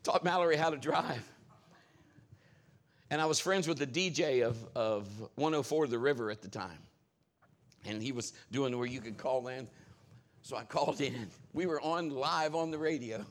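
A male pastor preaching a sermon, telling animated stories and acting out quoted voices. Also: medium pitch, normal speed, long pauses.

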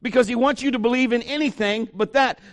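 Middle-aged man, high-pitched pastor, animated sermon storytelling. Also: fast talker. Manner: animated storytelling, acts out voices.

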